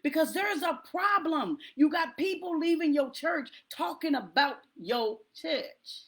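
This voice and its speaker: A woman's voice: high-pitched, animated, measured pace, hardly any pauses, fairly bright tone. A woman preaching to a congregation in an emphatic, repetitive rallying cadence.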